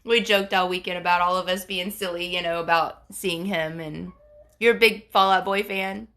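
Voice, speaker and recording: With a lowish, pushed, bright voice held at a steady tone and normal speed, a woman with a head cold hosts a casual livestream. She chats to viewers and reads their comments in a rambling, filler-laden storytelling style.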